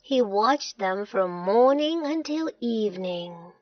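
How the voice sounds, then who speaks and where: A woman storyteller narrating a children's storybook in a slow, expressive way. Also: on the high side, no room sound. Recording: dull lo-fi dry recording.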